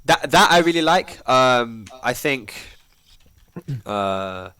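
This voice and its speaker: A man hosting a casual podcast, talking in an animated, slangy way with plenty of swearing and restarts. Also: medium pitch, takes it slowly, clear, resonant tone, dry recording. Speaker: podcast host. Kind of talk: casual chat.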